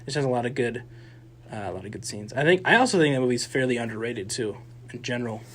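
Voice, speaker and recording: A man's voice: medium pitch, expressive, quick pace, a bit bright, a little hiss or hum. A young man co-hosting a campus radio movie talk show, rambling and restarting his sentences. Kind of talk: casual chat.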